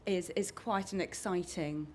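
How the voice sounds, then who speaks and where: A woman's voice: lowish voice, a little slow, a little hiss or hum. A woman from Iran, a comedian on a panel, speaking wryly and thinking aloud.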